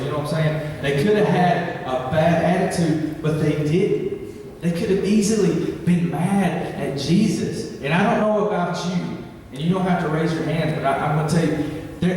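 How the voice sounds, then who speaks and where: A man's voice: a little high, a little mellow, a little hiss or hum. A young man preaching a sermon at a campus ministry, chatty and joking, then rising into impassioned pleading. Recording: echoey hall from far off.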